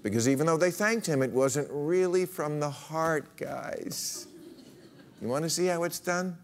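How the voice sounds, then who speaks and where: A man's voice: a little high, moderate pace. A male talk show host delivering a sarcastic, mocking stand-up monologue in a TV studio. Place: TV studio with a live audience. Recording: live studio audience, noisy broadcast. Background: studio audience laughter and applause.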